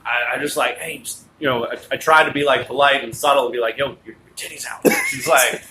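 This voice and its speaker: A Canadian man chatting casually on a podcast, relaxed and agreeable. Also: medium pitch, quick pace. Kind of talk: casual chat. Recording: echoey room with faint noise.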